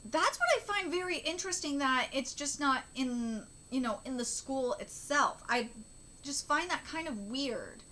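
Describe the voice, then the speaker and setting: A woman in her thirties on a live reaction stream, talking haltingly with many fillers and close to tears. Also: high-pitched, pushed and bright, a little hiss or hum.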